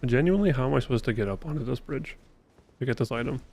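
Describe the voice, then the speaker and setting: A man's voice: mid-range voice, expressive, fast talker, gravelly, darkish tone, slightly rough. A man streaming a video game live, chatting casually and a bit profanely with his viewers as he plays, rambling from thought to thought. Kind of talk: casual live-stream chat while gaming.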